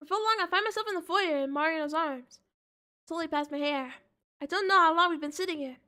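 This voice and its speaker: A woman's voice: very high voice, fairly quick, bright, forceful tone. A woman reading as a dazed teenage girl narrator. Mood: numb. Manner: reads first-person narration aloud.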